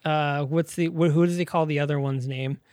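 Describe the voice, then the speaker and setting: Man retelling a film, slightly high voice. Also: fairly quick, no room sound, clean studio sound. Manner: animated scene retelling with acted-out quotes and laughs. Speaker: podcast co-host. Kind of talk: casual movie review chat.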